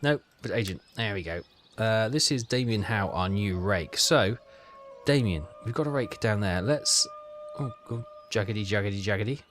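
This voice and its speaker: A man giving casual commentary on a strategy game, thinking aloud with halting, self-correcting phrases. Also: on the low side, lively intonation, a bit bright, faint music behind. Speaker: gaming channel host.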